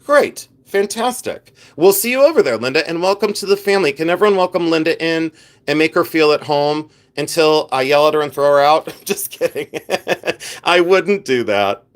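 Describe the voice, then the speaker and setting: A man's voice: fairly high pitch, a little fast. A man hosting a live vintage jewelry sale, chatting casually and rambling as he answers viewers by name, joking at his own expense. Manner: self-mocking with bursts of playful laughter. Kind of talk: casual livestream selling chat.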